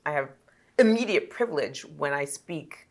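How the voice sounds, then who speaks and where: A woman's voice: sits low, animated, normal speed, darkish tone. A woman from Jamaica with a standard North American accent, a podcast guest speaking in an articulate, reflective and candid way. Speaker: guest, travel journalist. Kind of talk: casual conversational interview.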